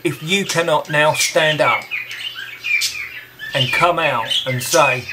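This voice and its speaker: A man speaking in a slightly high voice, slow and deliberate, in a confrontational, scornful monologue. Loud background noise runs throughout, with birds chirping behind him. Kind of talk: angry monologue to camera.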